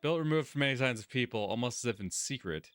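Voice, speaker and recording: A man's voice: mid-range voice, lively intonation, quick pace, a bit bright, smooth. A man hosting a let's-play, reading game narration aloud and adding crude, sarcastic commentary.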